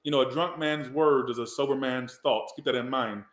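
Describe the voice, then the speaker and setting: A man's voice: mid-range voice, fairly even intonation, normal speed, reverberant. A man from the Southern US, giving a casual, rambling tarot reading and swearing now and then. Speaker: tarot reader.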